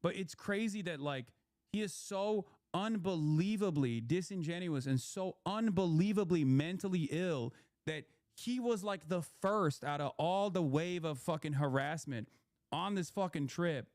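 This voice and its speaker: A man's voice: fairly high pitch, a little slow, darkish tone, no room sound, clean studio sound. A young man, a political commentator, ranting in a heated, profane, rambling way on a stream.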